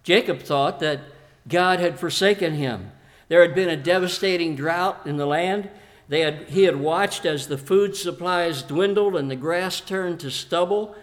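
Male preacher with a high voice, earnest, retells scripture as a story and speaks straight to the congregation. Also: unhurried. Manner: earnest, addresses the congregation directly. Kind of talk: sermon.

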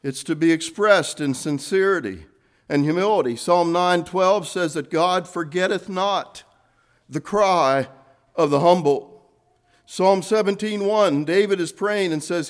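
A man preaching a sermon, earnest, rising to fervent emphasis and then dropping soft. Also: a little high, unhurried.

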